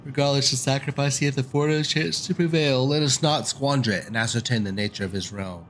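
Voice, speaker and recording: A man's voice: medium pitch, a little fast, a bit bright, slight background noise, pitched above the performer's own voice, natural voice. A man voicing a formal young male scholar ally, reading game dialogue aloud with archaic, formal phrasing. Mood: earnest.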